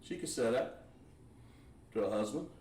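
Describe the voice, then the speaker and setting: With a mid-range voice at normal speed, a man gives an online language lesson, relaxed as he works through each step while writing on a whiteboard. The room is echoey and the microphone is placed far away.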